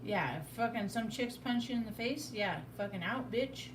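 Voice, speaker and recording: A woman's voice: on the high side, moderate pace. A woman on a live stream chatting casually, rambling and swearing freely, circling back to "you know, it's like". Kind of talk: casual chat. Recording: roomy, distant mic, faint background noise.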